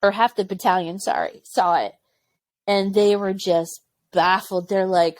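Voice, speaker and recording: A woman's voice: medium pitch, fairly even intonation, a little slow, no echo. A woman in her forties, an Army medic veteran, frankly telling war stories in an interview and acting out the people she quotes. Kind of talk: candid interview storytelling.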